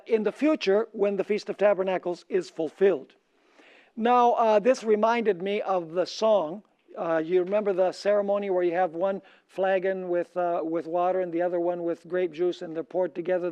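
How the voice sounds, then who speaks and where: A man preaching a sermon as a pastor. He asks the audience questions so they can finish his sentences, and he slows down and lifts his voice when he reads scripture. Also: high-pitched, a little mellow. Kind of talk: sermon lecture. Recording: dull lo-fi recording.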